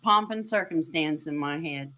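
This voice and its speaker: A woman co-hosting a livestream, speaking haltingly with many fillers and a self-deprecating tone. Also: deep voice, pushed and bright, a little hiss or hum. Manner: slow, halting, laughs often, self-deprecating. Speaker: co-host of a livestream show. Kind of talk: casual chat.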